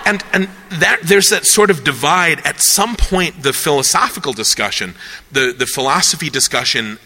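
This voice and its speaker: A man in a casual philosophical chat, rambling and animated, acting out the people he quotes. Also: fairly high pitch, normal speed. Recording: long hall reverb.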